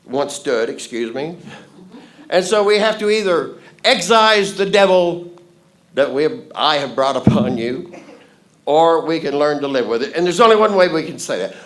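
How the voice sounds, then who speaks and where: A man's voice: a little high, a bit bright. Folksy man telling stories on stage. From Fort Worth, Texas. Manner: folksy, playful, leads audience call-and-response. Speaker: storyteller host. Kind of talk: live stage storytelling. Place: theatre stage before a live audience.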